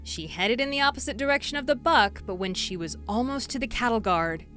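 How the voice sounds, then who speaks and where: A young adult woman telling a comedic story in a playful, animated way, swinging her voice up and down as she acts out the people she quotes. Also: a little high, fairly quick, over music. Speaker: storytelling YouTuber.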